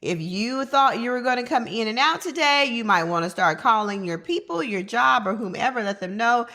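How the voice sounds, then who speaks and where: A woman co-hosting a podcast in casual chat, telling a story with animated quotes of other people. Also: on the high side, moderate pace, no echo, studio quality. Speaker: podcast co-host.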